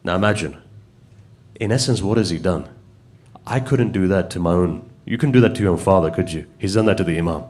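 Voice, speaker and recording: A man from the United Kingdom delivers a storytelling sermon in a conversational way, asking his listeners questions. He has a low, darkish voice and talks fast.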